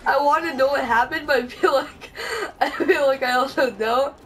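A young woman with a fairly high voice talks through an online match. She giggles constantly and swears at the game. Her voice sits a little back from the mic. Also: moderate pace, distant mic, a little hiss or hum, poor audio. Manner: giggly, laughs often, swears while playing. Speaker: gaming channel host. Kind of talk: casual gameplay commentary.

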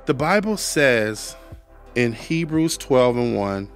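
A man's voice: mid-range voice, sing-song, takes it slowly, faint music behind. Earnest man telling his testimony. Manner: earnest, repeats phrases for emphasis; preacherly, quotes scripture. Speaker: podcast guest. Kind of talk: personal testimony storytelling.

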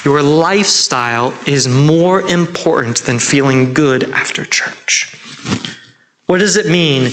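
Male pastor, fairly high voice, earnest sermon delivery with emphatic repetition. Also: fairly bright tone, poor audio. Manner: earnest, emphatic, repeats key points. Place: church sanctuary.

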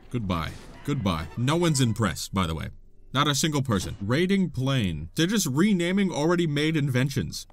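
A man giving playful, sarcastic gameplay commentary as a video host, often laughing. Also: mid-range voice. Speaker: gaming YouTuber.

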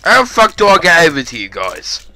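A young Essex man trash-talking in game chat with a very bright, sharp tone. His pitch swings up and down a lot as he swears and snaps back at other players. He keeps it playful but mock-aggressive, with sudden shouts. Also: wildly swooping pitch, brisk. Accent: Essex English. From Essex, England. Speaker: gaming YouTuber.

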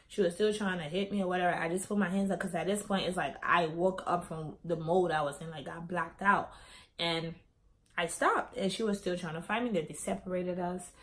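A woman's voice: lowish voice, normal speed. A young adult woman vlogger telling a personal story in a casual way, acting out the dialogue as she goes. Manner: animated, acts out quoted dialogue.

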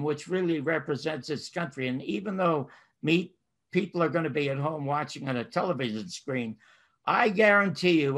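An older man hosting a talk show, asking long, effusive questions with emphatic praise. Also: a little high. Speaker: host.

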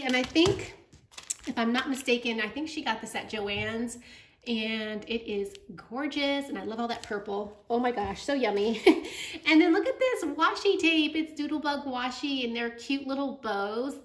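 Casting: effusive woman, bright higher voice, echoey room with faint hiss. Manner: gushing, effusive. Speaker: craft vlogger. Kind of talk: casual unboxing chat.

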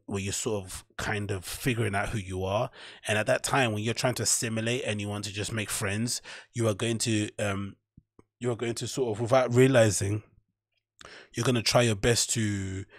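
Husky man, casual podcast talk. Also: fairly low pitch, no echo, studio quality. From London. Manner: rambling, tags lines with "right?". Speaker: podcast host. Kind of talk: casual commentary.

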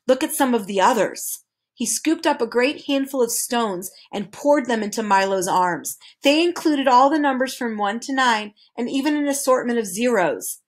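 Woman narrator, calm expressive read-aloud, slightly high. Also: moderate pace, few pauses. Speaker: reader. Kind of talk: reading a children's novel aloud.

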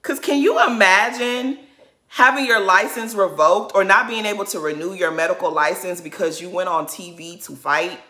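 A woman's voice: medium pitch, moderate pace, bright, forceful tone, echoey room. A woman giving an opinionated recap of a reality show, indignant and emphatic with repetitive rhetorical build-ups.

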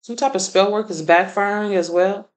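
A woman's voice: medium pitch, normal speed, poor audio. A woman doing a casual tarot reading, blunt and profane, laughing often. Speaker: tarot reader.

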